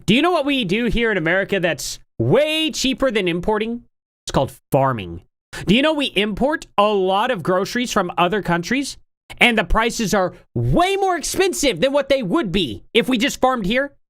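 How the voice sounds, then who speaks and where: A woman's voice: mid-range voice, big pitch swings, normal speed, no room sound, clean studio sound. A woman streamer giving casual, sarcastic commentary on a clip, full of rhetorical questions. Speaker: streamer reacting to a debate clip.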